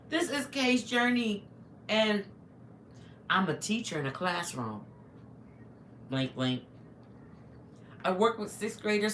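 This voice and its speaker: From her home, a middle-aged woman livestreams, chatting casually and eating while addressing viewers. She has a lowish voice with a fairly bright tone, and her phone recording sounds echoey with faint noise.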